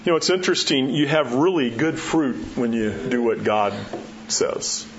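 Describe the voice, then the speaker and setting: A pastor giving a sermon in a conversational way, acting out the quotes and dropping his voice low to drive points home. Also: expressive, normal speed. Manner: conversational preaching, acts out quotes, drops low for emphasis. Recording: dull muffled sound with faint background hiss.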